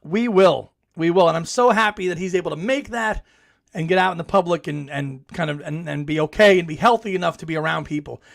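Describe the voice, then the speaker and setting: A man's voice: fairly high pitch, a little fast, gravelly. A middle-aged man hosting a live podcast chat, reading viewer comments in a chatty, enthusiastic way and laughing often. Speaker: podcast host.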